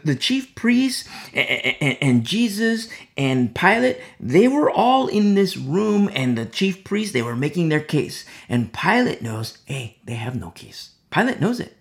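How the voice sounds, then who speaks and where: A man's voice: a little high, creaky. A man giving a conversational verse-by-verse sermon as a Bible teacher. He is emphatic, repeats key phrases and drops many "you know" asides.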